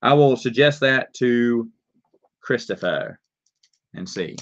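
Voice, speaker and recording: A man's voice: mid-range voice, lively intonation, slow pace, a bit bright. A man with a Southern accent casually answering viewer questions on a live stream, reading out questions and rambling through his answers. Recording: dull lo-fi stream audio.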